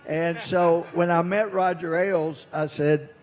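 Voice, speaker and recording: A man's voice: on the high side, fairly even intonation, measured pace. Older Southern man speechifying in a reverberant hall. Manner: folksy, anecdotal storytelling with emphatic punchlines. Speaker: congressman giving a speech. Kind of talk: speech to a live audience.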